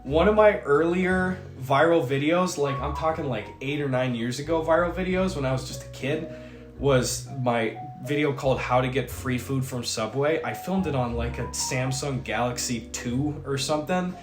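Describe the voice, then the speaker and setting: A man's voice: medium pitch, normal speed, over music. Chatty man streamer in a roomy room. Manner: rambling, animated storytelling with quoted voices. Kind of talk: casual chat.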